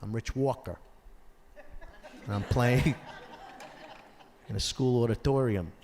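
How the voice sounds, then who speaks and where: A man performing a stand-up comedy set on stage, telling stories in an animated way and acting out the voices of the people in them. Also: medium pitch, takes it slowly. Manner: animated storytelling, acts out voices of others. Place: theater or school auditorium, live audience. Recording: live stage recording with long hall reverb and audience noise.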